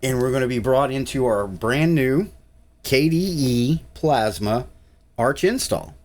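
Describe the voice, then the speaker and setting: A man's voice: mid-range voice, expressive, unhurried, darkish tone, a little hiss or hum. A man, narrating a casual tech tutorial in an easygoing, rambling way with frequent uhs. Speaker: tech channel host.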